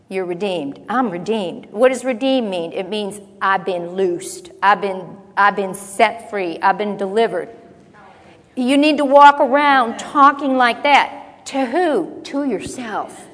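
A woman preaching a sermon, repeating phrases for emphasis and acting out low muttering. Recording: long hall reverb.

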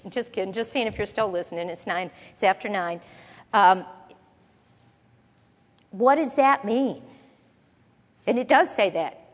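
A woman teaching a conversational Bible lesson, reading verses and explaining them with relaxed, playful asides. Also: medium pitch, unhurried, pauses often. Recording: long reverb of a large hall.

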